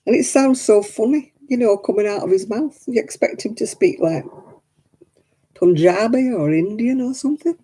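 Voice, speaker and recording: A woman from Oldham with a softened northern English accent, chatting casually on her crafting video and laughing often. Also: medium pitch, moderate pace, slightly rough. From Oldham, England. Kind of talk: casual chat.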